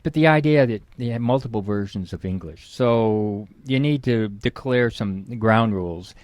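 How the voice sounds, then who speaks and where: A low-voiced middle-aged man explains things to an interviewer. He leans on key words and acts out the example phrases he quotes. The sound is close and dry. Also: normal speed, darkish tone, dry recording. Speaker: guest expert.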